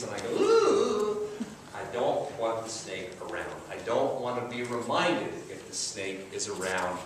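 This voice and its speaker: A man's voice: mid-range voice, far from the mic. A man preaching a sermon in a conversational, storytelling way. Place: large echoey church sanctuary. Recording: echoey church recording from afar, faint hiss.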